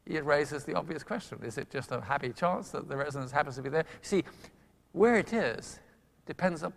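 An older man giving a public lecture, telling a science story with lively emphasis and quick asides. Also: medium pitch, gravelly. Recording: long hall reverb.

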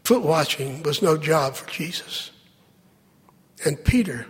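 A man preaching a sermon, with dramatic pauses and lines that drop to a hush. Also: a little high, lively intonation, husky. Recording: long hall reverb.

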